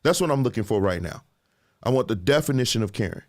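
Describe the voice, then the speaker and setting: A man's voice: mid-range voice, fast. A man hosting a live discussion show, chatting casually and reading out viewer comments as he quizzes his audience. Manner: animated, conversational, quizzing the audience. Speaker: livestream show host.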